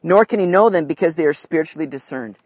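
A man's voice: a little high, lively intonation, fast, darkish tone, breathy edge, no echo. A man preaching a conversational sermon, often checking in with his listeners. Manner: conversational, asks "right?" often. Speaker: pastor.

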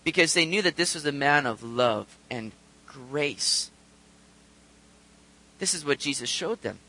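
A man delivers a sermon in a high, lively voice that climbs and falls as he asks rhetorical questions and briefly acts out the people he quotes. His tone is bright and forceful. The sound is dry and close. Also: a little slow, a little hiss or hum, rough recording. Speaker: pastor.

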